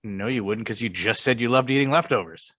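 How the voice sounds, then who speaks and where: A man's voice: mid-range voice, fairly quick, a bit bright, breathy edge. A young man co-hosting a podcast in casual chat, blunt and argumentative, swearing often. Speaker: podcast co-host.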